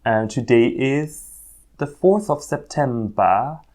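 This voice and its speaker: A man's voice: medium pitch, animated, takes it slowly, a little mellow. A man filming a rambling, self-mocking vlog on his phone at home, talking at a table of plants with many ums. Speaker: orchid hobbyist vlogger. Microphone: phone camera.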